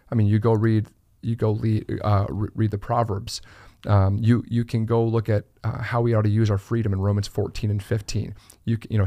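A man's voice: medium pitch, darkish tone, no room sound, studio quality. A man co-hosting a church podcast, talking earnestly with many fillers and restarts. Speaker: pastor, podcast co-host. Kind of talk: conversational church podcast discussion.

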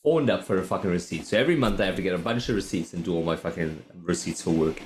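A man co-hosting a podcast, telling stories in a casual, animated way and swearing freely. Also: deep voice, rapid-fire, roomy sound, slight background noise. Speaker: podcast co-host. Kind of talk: casual chat.

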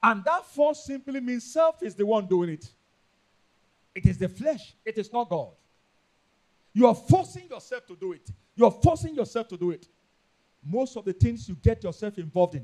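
A man with a Nigerian accent preaching a sermon, emphatic and repetitive, rising into loud bursts. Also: sits high, sing-song, moderate pace. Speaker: pastor.

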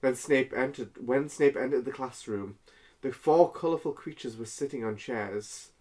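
Man, casual comedy read-aloud, halting, stumbling over words. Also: mid-range voice, darkish tone. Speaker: fan fiction reader.

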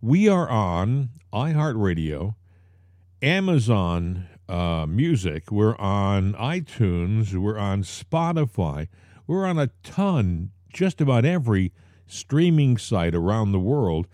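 A man's voice: on the low side, big pitch swings, takes it slowly, mellow, no room sound, clean studio sound. A man hosting a talk podcast, speaking straight to his listeners and repeating the key points so they stick. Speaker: podcast host. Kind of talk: casual talk show chat.

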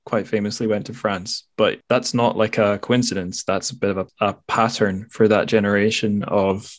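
A man's voice: fairly low pitch, fairly even intonation, normal speed. A man hosting a podcast, chatting casually and adding hedged asides. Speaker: podcast host.

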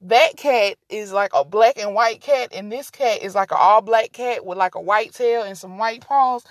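A woman's voice: mid-range voice, moderate pace, few pauses, no room sound, studio quality. A woman hosting a casual solo podcast, rambling and easily distracted, talking to her listeners as y'all. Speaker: podcast host.

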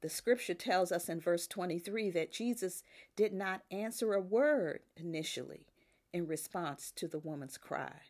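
An older woman preaching a sermon, emphatic, with rises on key words and soft drops at the ends of phrases. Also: lowish voice, moderate pace.

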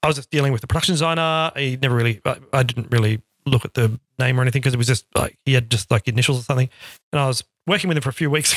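A middle-aged man from Australia, an interview guest telling animated stories and acting out quotes. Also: medium pitch, no room sound, clean studio sound. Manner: animated, acts out quotes in storytelling. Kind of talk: casual storytelling.

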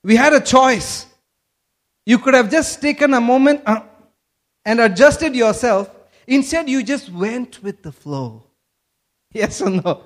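A man's voice: very high-pitched, expressive, measured pace, pauses often. A man from Kerala, India, preaching a sermon and asking the congregation questions. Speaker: pastor.

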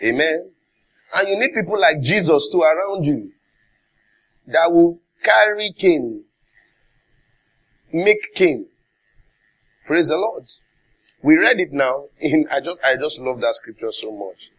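Man, Nigerian accent, pastor, sermon, husky voice, slightly high pitch, emphatic call-and-response. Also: expressive, slow, long pauses, fairly bright tone. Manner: emphatic preaching with call-and-response and acted quotes.

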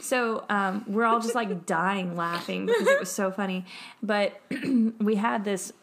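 A woman, an English teacher, telling a story in a casual chat with a friend, animated and laughing through the funny parts. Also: mid-range voice, unhurried, a little hiss or hum. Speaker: podcast co-host and English teacher.

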